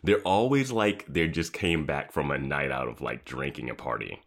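A man's voice: very deep voice, moderate pace, a bit bright. A man co-hosting a podcast in casual chat, laughing often as he talks. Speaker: podcast co-host.

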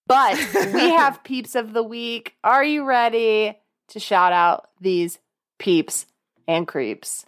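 A woman's voice: on the high side, slow. A woman co-hosting a podcast, chatting casually, joking and laughing often. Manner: giggly, joking, rambling. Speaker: podcast co-host. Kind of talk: casual chat.

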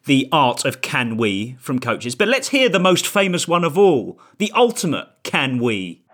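A man's voice: mid-range voice, big pitch swings, a little slow, noisy background. A man hosting a football podcast, musing wryly and laughing easily as he chats with his guests. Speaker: podcast host. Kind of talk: casual chat.

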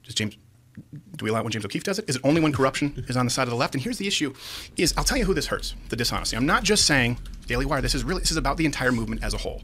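A man arguing his case as a guest in a heated podcast discussion, rapid-fire and insistent. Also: mid-range voice, expressive, fairly bright tone.

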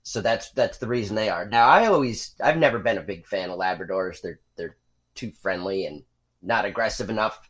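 A man's voice: fairly low pitch, a little fast, fairly bright tone. A man co-hosting a podcast, chatting casually in a dry, wry, matter-of-fact way. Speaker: podcast co-host.

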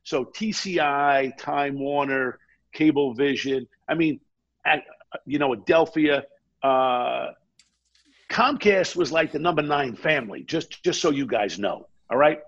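A man telling an animated anecdote as an interview guest, acting out the dialogue he quotes. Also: fairly high pitch, measured pace, muffled recording. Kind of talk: casual storytelling.

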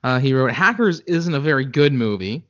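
A man's voice: medium pitch, expressive, moderate pace, lo-fi sound. A man co-hosting a casual movie podcast, talking hesitantly with stammering restarts. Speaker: podcast co-host.

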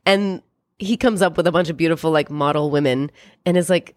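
A young woman casually recapping a film, chatting fast and acting out the characters' lines in quick bits. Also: low voice, no echo, studio quality. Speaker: podcast co-host.

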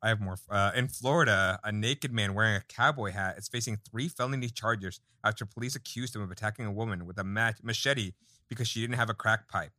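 A man's voice: fairly low pitch, a little fast, pushed and bright, no echo, clean studio sound. A man co-hosting a comedy podcast, reading joke setups with wry asides. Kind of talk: casual comedy banter, reading jokes.

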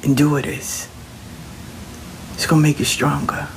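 Fairly high-pitched and expressive, this man talks a bit slowly with frequent pauses, and there's noise in the background. His folksy, reassuring spiritual counsel comes in Southern Black vernacular, an easygoing inspirational chat that sometimes drops to a whisper.

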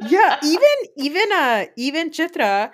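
A woman co-hosting a podcast, chatting casually about reality TV, emotional and quick to laugh. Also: sits high, sing-song. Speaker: podcast co-host.

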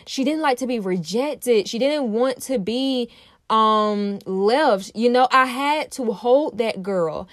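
A woman's voice: fairly high pitch, lively intonation, takes it slowly, dry recording. Earnest woman host, dry close sound. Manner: earnest, emphatic, repeats phrases, addresses listeners directly. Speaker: podcast host. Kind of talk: personal self-help monologue.

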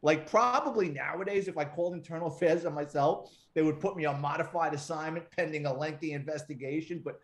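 A middle-aged man, a retired police detective, telling profane, animated stories as an interview guest. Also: on the high side, fast, hardly any pauses. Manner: profane, animated anecdote-telling with quoted dialogue. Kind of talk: casual storytelling interview.

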